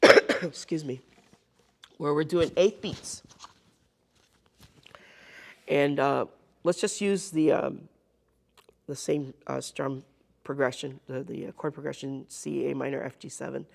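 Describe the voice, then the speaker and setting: A woman's voice: rumbling low, steady tone, slow, creaky, long pauses. A woman teaching a live group ukulele lesson, counting beats aloud and checking in with the class. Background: ukulele playing.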